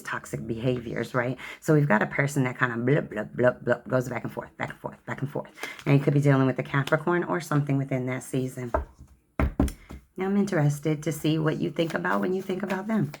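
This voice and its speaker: A woman's voice: extremely low pitch, vocal fry, a little mellow. A woman giving a tarot card reading in a sassy, chatty way, calling the listener honey and child. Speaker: tarot reader.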